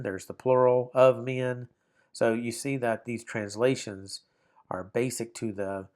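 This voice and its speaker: A man teaching a Bible Greek lesson, explaining step by step with frequent ums and reading aloud from a textbook. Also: fairly low pitch. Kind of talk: walking through a textbook lesson.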